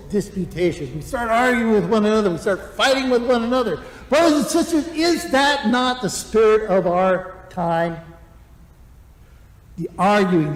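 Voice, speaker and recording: A man preaching a sermon with lively energy, acting out complaining voices in the middle of his points. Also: sits high, echoey room, big-room sound, low-quality recording. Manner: animated, acts out grumbling voices. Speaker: pastor.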